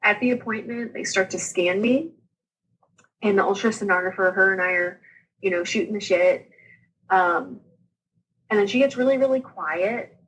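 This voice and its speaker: Breathy woman telling a story. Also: mid-range voice, normal speed, pauses often, low-quality recording. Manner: animated, acts out quoted voices. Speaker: podcast guest telling her birth story. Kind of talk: casual storytelling chat.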